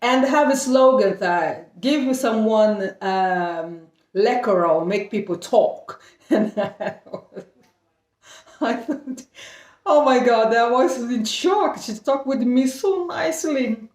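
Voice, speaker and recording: A middle-aged Brazilian woman whose first language is Portuguese, telling a casual story in halting English, restarting often and laughing between phrases. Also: a little high, expressive, a little mellow, recorded from a distance. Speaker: vlogger. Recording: echoey room, voice a bit off-mic.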